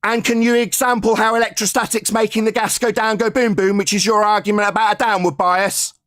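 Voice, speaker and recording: A man with a very high voice argues in a heated online debate. He hurls insults and repeats his jeers. The sound is dry and close. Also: little pitch movement, brisk, a bit bright, dry recording.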